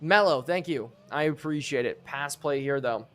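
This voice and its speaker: A man's voice: a little high, normal speed. A young man streaming a football video game live, commenting on the plays and reading chat aloud. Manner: excitable, reads chat aloud.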